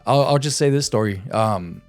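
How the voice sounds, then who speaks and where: A man in his thirties with a lowish voice hosts a relaxed podcast chat. He tells long personal stories in an easy, conversational way, faint music under the talk. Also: moderate pace. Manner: storytelling, relaxed, peppered with "you know what I'm saying". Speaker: podcast host. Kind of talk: casual chat.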